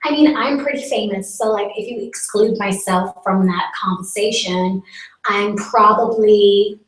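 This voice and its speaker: A woman's voice: mid-range voice, a little slow. A boastful young woman rambles through a comic live stream as a self-styled celebrity, her speech full of "like" and mock outrage. She sits back from the mic. The room gives her voice a roomy echo. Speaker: comedic live stream host in character as a celebrity. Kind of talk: improvised character comedy monologue. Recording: roomy sound from a distance.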